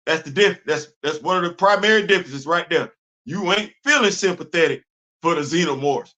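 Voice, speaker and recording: A man hosting a live comics talk show, animated and exclaiming, repeating himself as he gets excited. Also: a little high, a little fast. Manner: animated, repetitive, exclaiming, laughing. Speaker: comics podcast host. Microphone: live stream mic.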